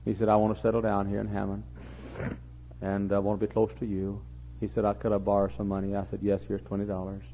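An older man preaching a sermon, repeating his phrases and building to impassioned, near-shouting peaks. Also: fairly low pitch, monotone, fast, a little hiss or hum. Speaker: pastor. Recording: muffled lo-fi recording.

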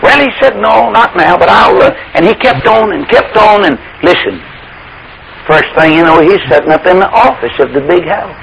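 A man's voice: sits high, lively intonation, moderate pace, creaky, fairly bright tone, low-quality recording. A man preaching a storytelling sermon in a folksy way, often asking the listeners rhetorical questions.

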